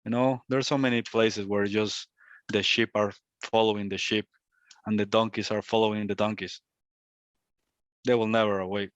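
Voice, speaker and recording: A man's voice: fairly low pitch, level tone, moderate pace, pauses often, dry recording. Reflective male spiritual teacher, dry sound. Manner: reflective, repetitive phrasing. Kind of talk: satsang talk. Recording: dull, lo-fi, dry.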